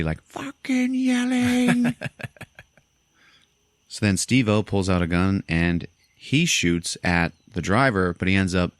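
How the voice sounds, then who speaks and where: A man hosting a podcast, casually retelling a movie plot in an animated, profane way and acting out the characters' lines. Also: deep voice, no room sound. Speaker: podcast host.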